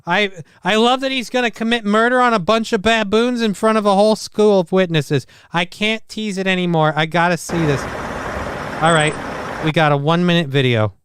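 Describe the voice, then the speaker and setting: A man's voice: high-pitched, steady tone, moderate pace, a bit bright, clean tone, no echo. A man hosting a live stream, reacting to videos with sardonic, profane jokes. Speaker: show host.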